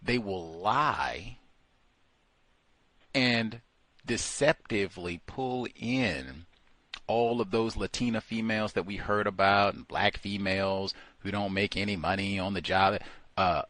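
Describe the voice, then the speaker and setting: Animated man mocking in commentary. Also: lowish voice, slow, dry recording. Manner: lively, mocking, acts out voices in his own telling. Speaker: co-host of a call-in talk show.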